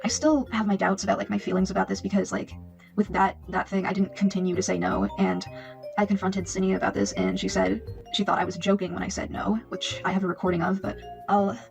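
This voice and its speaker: A young man talks quickly in a flat, heavily gravelly voice. He is hesitant and apologetic and stops often to gather himself. He is giving a personal statement to camera. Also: sits high, music in the background, rough recording. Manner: hesitant, filler-heavy, apologetic. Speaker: video creator.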